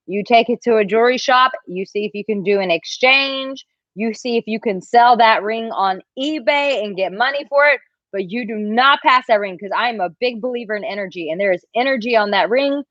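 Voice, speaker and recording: A woman hosts a casual livestream Q&A about dating, chatty and animated as she reads comments and answers them. Her voice sits at an ordinary pitch for a woman. The sound is dry and a little dull, like a home setup on a modest mic. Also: no echo. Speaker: dating coach answering live chat questions.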